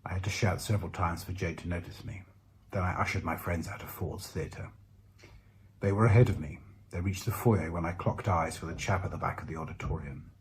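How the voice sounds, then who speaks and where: A man narrating a first-person story aloud in a measured, reflective way with dramatic pauses. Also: low voice, a little hiss or hum. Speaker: narrator voicing the lead character. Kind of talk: first-person audiobook reading.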